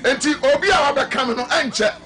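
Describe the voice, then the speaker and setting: A Ghanaian man preaching on a live radio and TV broadcast, half-singing his words and breaking into shouts. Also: very high voice, normal speed, soft background music. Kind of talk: live broadcast sermon and talk.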